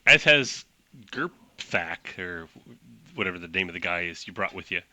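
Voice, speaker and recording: Chatty bright-voiced game master. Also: male voice, low-pitched, lively intonation, normal speed, dry recording. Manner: rambling, laughing, lots of "like". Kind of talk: narrating a tabletop game.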